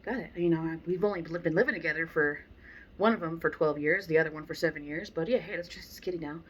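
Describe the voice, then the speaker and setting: A woman with a fairly low voice talks through dog-training tips in a loose, chatty way. She is blunt and lively, and her asides carry an exasperated edge. She teaches as much by telling stories as by giving instructions. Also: fast, muffled recording, slight background noise. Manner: animated, acts out people she describes. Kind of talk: casual instructional talk.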